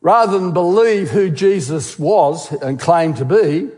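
A man with a fairly high voice delivers a sermon. He speaks with emphasis, posing questions and repeating words to drive them home. His voice carries a long reverb, as if in a large hall. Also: expressive, a little slow, warm tone. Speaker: guest speaker, geologist.

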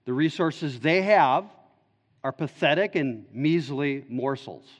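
A man's voice: a little high, lively intonation, slow pace. A male pastor preaching an expository sermon in an earnest, explaining way. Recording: dull echoey church hall recording.

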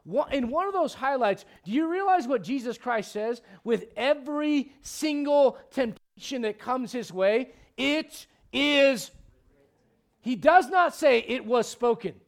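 A middle-aged man pastor preaching a midweek Bible study sermon, animated and conversational, with joking asides to the congregation. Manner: animated preaching, bursts of high-pitched emphasis, quick asides.

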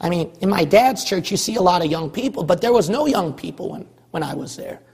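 Pastor guy preaching hard, husky high voice, keeps repeating himself and yelling, long church echo. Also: lively intonation, fairly quick. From California, USA. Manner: forceful, repetitive exhorting, rising to shouts. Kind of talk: sermon.

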